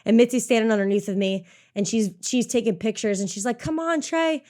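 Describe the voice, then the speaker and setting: Animated, swearing woman telling a race story. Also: medium pitch, quick pace. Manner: animated, swears freely, heavy use of "like". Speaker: obstacle course racer and coach. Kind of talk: casual podcast storytelling.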